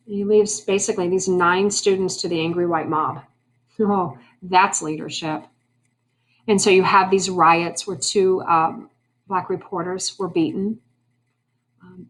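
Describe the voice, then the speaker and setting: A woman teaching a history lesson in a conversational way, asking her class questions and making wry asides. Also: fairly low pitch. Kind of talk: classroom lecture.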